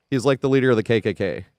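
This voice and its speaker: A man's voice: medium pitch, fast, a little mellow, no echo. A man streaming a game live, chatting casually with viewers, swearing freely and laughing often as he reacts to play.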